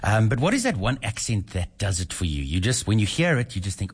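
Lively radio co-host. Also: male voice, lowish voice, brisk, breathy edge. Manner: animated storyteller, repeats words. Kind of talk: casual radio chat.

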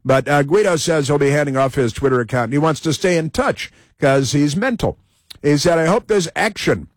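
A man's voice: a little high, lively intonation, fairly quick, no echo. Sarcastic male talk radio host. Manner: sarcastic, mocking.

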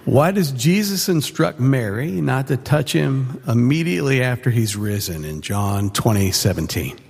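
A man's voice: medium pitch, expressive, moderate pace, vocal fry, slightly rough. A man from Florida in a live audience politely asking a Bible question. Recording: audience mic in a reverberant hall.

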